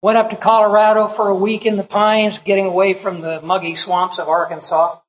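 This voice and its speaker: A man's voice: high voice, flat delivery, brisk, poor audio. A middle-aged man, a pastor, telling a personal story in a sermon in a folksy, conversational way, acting out the people he quotes.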